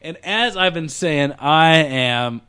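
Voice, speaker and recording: Animated man telling a story, lively pitch. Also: takes it slowly, clear, resonant tone. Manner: animated, laughs while telling, lots of restarts. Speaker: podcast host telling a story. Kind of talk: casual storytelling among friends.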